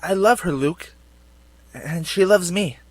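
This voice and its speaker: A man's voice: high voice, no echo. An actor playing a smug young man who coldly taunts his former friend in a video game. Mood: taunting. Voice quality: cold, taunting, measured.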